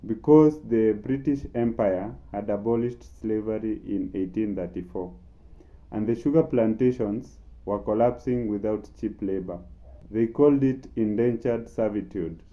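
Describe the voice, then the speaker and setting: Low, muffled male documentary narrator. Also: normal speed, mellow. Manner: emphatic, building suspense. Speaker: narrator and channel host.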